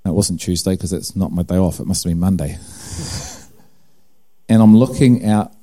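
A man's voice: low voice, moderate pace, mellow. A middle-aged man with a New Zealand accent giving a personal testimony sermon, telling a story with acted-out dialogue and self-mocking humor. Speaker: preacher.

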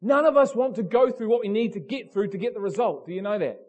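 Husky, high-voiced preacher. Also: male voice, fast, a little mellow. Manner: passionate, direct, blunt questions to the congregation. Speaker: pastor. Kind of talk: sermon.

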